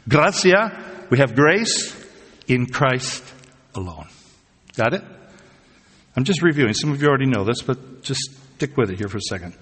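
A male pastor delivers a sermon and keeps asking his listeners questions. He speaks at a middle pitch with a somewhat husky tone. The recording has the long reverb of a church sanctuary. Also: a bit bright. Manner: conversational, asks the congregation questions.

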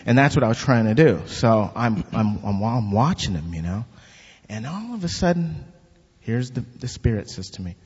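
Telling his testimony at church, a husky-voiced man turns it into an animated story, imitating the people in it. He speaks at a normal speed with a medium pitch, and the dull, lo-fi recording rings with the long reverb of a big hall.

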